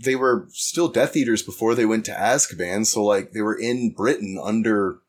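A man's voice: lowish voice, moderate pace. A man co-hosting a casual book discussion podcast, sarcastic, swearing and laughing. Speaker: podcast co-host.

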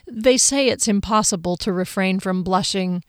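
A woman narrating a first-person audiobook in a measured, expressive way. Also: medium pitch, smooth, no echo, clean studio sound.

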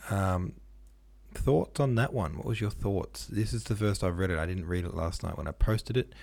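Male podcast host, low and mellow, casual and self-deprecating, dry close-miked sound. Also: moderate pace, gravelly, no room sound. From Australia. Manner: chatty, self-deprecating, muses aloud. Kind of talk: casual solo podcast with poetry reading.

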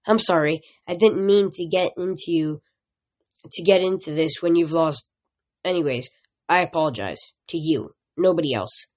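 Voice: mid-range voice, normal speed, natural voice. Reader doing a tough teen warrior girl, snapping, defiant, storybook. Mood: grudging. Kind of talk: amateur audiobook reading.

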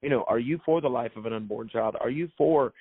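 A man's voice: mid-range voice, brisk, breathy edge, no echo. Man, minister, emphatic preacherly delivery, repeats phrases, tinny phone-like sound, dry. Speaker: author and minister. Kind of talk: guest telling a faith story in a preaching tone.

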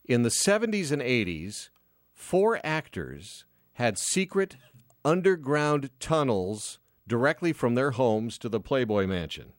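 A man hosting a casual radio talk show, bantering with co-hosts in a lively, playful way from a studio microphone. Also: medium pitch, measured pace, no room sound. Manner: lively, animated delivery with playful asides. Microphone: close studio microphone.

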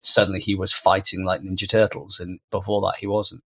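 A man, a father and podcast co-host, telling a story in casual conversation and acting out quoted lines in a much higher voice. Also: flat delivery, brisk, vocal fry, breathy edge, no echo.

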